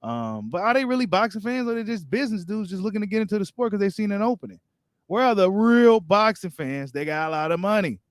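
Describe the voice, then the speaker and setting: A man with a fairly high voice hosts a boxing live stream. He reads viewer comments and answers them in loose, slangy chat. The sound is close and dry, with no room around it. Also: lively intonation, fast, dry recording. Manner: casual, slangy, talks straight to viewers. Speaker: boxing channel host.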